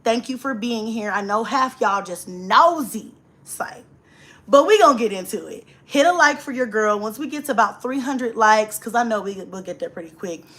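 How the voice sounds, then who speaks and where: A woman's voice: fairly high pitch, animated, normal speed, fairly bright tone. A young woman, hosting a casual livestream, chatting, laughing often and greeting viewers by name. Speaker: livestream host.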